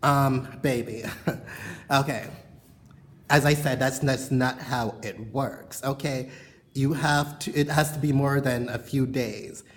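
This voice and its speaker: A woman's voice: very deep voice, fairly even intonation, slow. A woman vlogging from her bedroom, chatting frankly to the camera in a loose, rambling way full of filler words. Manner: frank, rambling, heavy on "you know" fillers. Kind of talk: casual chat to camera. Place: bedroom at home.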